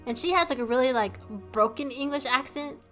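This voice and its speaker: A woman's voice: sits high, fairly quick, fairly bright tone, faint music behind. A young woman streamer commenting casually on a game, filling her talk with "like". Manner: casual, lots of "like". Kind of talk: live gameplay commentary.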